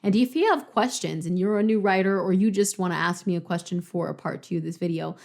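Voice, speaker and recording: A woman's voice: lowish voice, fast talker, creaky, a little mellow. A young adult woman giving casual writing tips to the camera and reading example passages aloud before picking them apart. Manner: chatty, reads example passages aloud then questions them. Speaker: writing vlogger.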